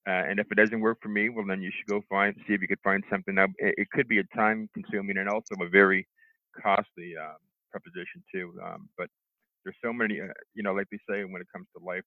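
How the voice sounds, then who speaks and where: A middle-aged man telling how he recovered from a stroke, halting, with lots of restarts and fillers. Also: fairly low pitch, no room sound. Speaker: stroke survivor interviewee. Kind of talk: telling his own recovery story. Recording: tinny phone line, dry.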